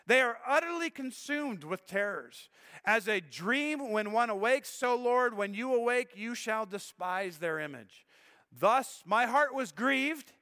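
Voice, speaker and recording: A middle-aged man preaching a sermon as pastor, earnest, repeating words and swinging between loud and hushed. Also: sits high, long reverb tail.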